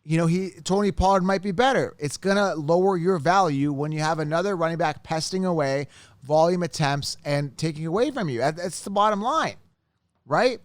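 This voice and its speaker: A man's voice: on the high side, normal speed, no room sound. A man hosting a fantasy football podcast, venting in an emphatic, heated solo rant and often tagging his points with "right?".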